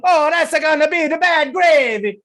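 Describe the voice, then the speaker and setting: A man putting on a loud, cartoonish Mario voice with an exaggerated fake Italian accent, shouting in a high falsetto on a headset. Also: exaggerated voice. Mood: excited. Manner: excitable, rapid-fire, over-the-top. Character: loud cheery cartoonish male plumber hero.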